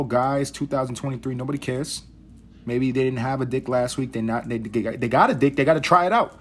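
A man's voice: mid-range voice, husky. A man hosting a podcast, talking in a rambling, profane, wry casual monologue. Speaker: podcast host. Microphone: podcast mic.

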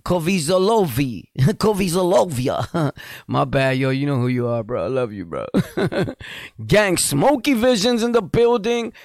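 A man hosting a casual solo podcast, talking in a loose, streetwise way and giving hyped shout-outs with bursts of laughter. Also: medium pitch, creaky, no room sound, studio quality. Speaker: podcast host.

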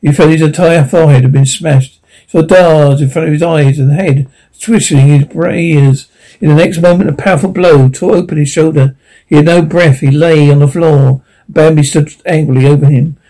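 A man's voice: on the high side, steady tone, moderate pace, dark tone, low-quality recording. A man reading a classic animal story aloud as narration, unpolished with frequent restarts. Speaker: audiobook reader.

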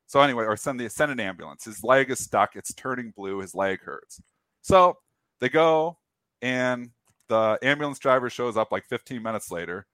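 A market show host, medium-pitched and at a moderate pace, tells a long, amusing anecdote in a relaxed way. He acts out quoted bits animatedly, with restarts, and there's no room sound.

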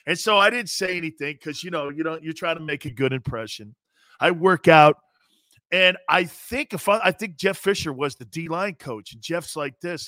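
A man's voice: on the high side, normal speed, pushed and bright, no echo. A man co-hosting a sports talk show, a former football player telling locker-room stories with lots of laughter and acted-out quotes. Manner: laughing often, acts out quotes of coaches. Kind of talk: casual sports talk storytelling.

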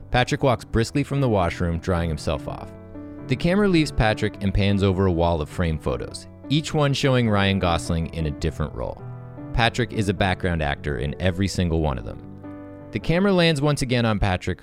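Male host narrating stage directions, lowish voice, lively delivery, brisk. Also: over music. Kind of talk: reading screenplay-style scene directions.

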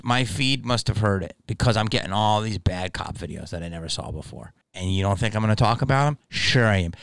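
A man's voice: fairly high pitch, pushed and bright, clean tone, dry recording. A man hosting a podcast, delivering a profane, heated and sarcastic casual rant as commentary. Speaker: podcast host.

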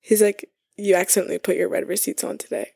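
A woman co-hosting a podcast in casual chat, excitable and slangy, saying "dude" and "y'all". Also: mid-range voice, fast talker, creaky, breathy edge, no room sound, clean studio sound. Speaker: podcast co-host.

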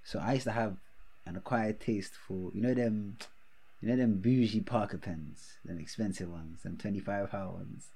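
A young man, telling a story in casual chat, animated, with laughter and heavy slang. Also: fairly low pitch, normal speed, breathy edge. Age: young adult.

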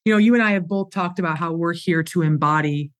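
A woman's voice: fairly low pitch, quick pace. A woman hosting a podcast, affirming her guest and speaking on spirituality. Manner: warm affirming, spiritual vocabulary. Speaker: podcast host. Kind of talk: conversational interview talk.

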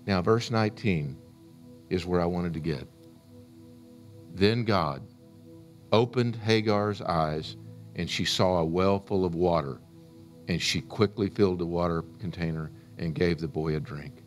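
A man's voice: deep voice, normal speed. A man preaching a sermon, retelling a scripture story in an earnest, storytelling way. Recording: faint music underneath.

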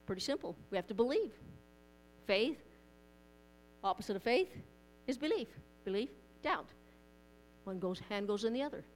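A woman's voice: on the high side, lively intonation, moderate pace, pauses often, a little hiss or hum. Woman preaching a sermon. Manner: conversational preaching, repeats and restarts words. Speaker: pastor. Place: church.

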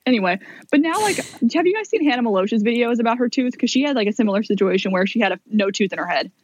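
A woman's voice: on the high side, quick pace, muffled recording, a little hiss or hum. A woman in her twenties, a podcast guest, telling a rambling, self-deprecating story in casual chat and acting out her own past remarks. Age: 20s. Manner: animated, rambling, self-deprecating, quotes herself.

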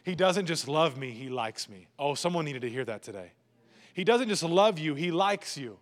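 A man's voice: a little high, animated, normal speed. Passionate male pastor in a reverberant hall. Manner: emphatic, repetitive preaching with sudden drops to a hush. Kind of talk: sermon.

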